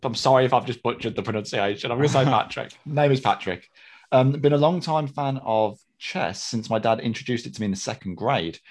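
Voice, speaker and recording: A man's voice: mid-range voice, brisk. A man co-hosting a casual podcast, chatty and hesitant, often laughing at himself. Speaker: podcast co-host.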